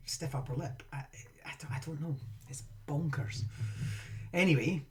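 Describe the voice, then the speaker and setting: A man's voice: on the high side, normal speed, a little mellow. A man, chatting casually and rambling as he teaches a live-streamed game lesson, often breaking off mid-sentence. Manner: chatty, rambling, self-interrupting.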